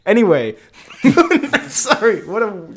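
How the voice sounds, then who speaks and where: A young man chats on a podcast in a fairly high voice that rises and falls freely. He rambles, cracks jokes and keeps breaking into laughter. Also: sing-song, slow pace, a bit bright. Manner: laughs often, rambling and jokey. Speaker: podcast co-host. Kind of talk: casual chat.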